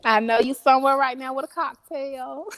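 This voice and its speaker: A woman as an interview guest, chatting casually, laughing often and answering slowly with fillers. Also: sits high, steady tone, a bit bright, a little hiss or hum. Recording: long reverb.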